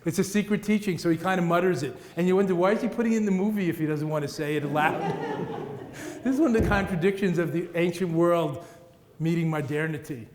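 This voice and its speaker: A man's voice: sits high, fast. Playful male teacher in echoey hall. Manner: playful, rhythmic, laughs at his own jokes. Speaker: Buddhist teacher. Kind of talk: dharma talk to an audience. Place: large meeting room with audience. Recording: echoey hall, roomy reverb.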